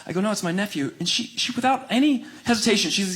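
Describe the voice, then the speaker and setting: A man's voice: high-pitched, lively intonation, very fast, hardly any pauses, fairly bright tone. A male stand-up comedian telling a story and acting out the voices of the people in it. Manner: storytelling, acts out quoted voices. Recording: noisy live recording.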